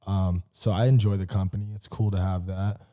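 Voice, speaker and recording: A man's voice: low-pitched, flat delivery, a little fast, warm tone. A man from the Boston area, a podcast guest chatting casually in a laid-back, slangy, rambling way. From Boston area, USA.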